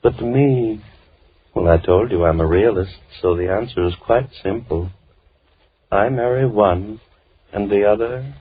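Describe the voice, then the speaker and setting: Soft-spoken menacing madman. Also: lowish voice, a little slow, slightly rough. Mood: softly menacing. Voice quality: calm, gentle, coldly polite. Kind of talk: 1950s radio drama acting. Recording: tinny old radio broadcast with faint hiss.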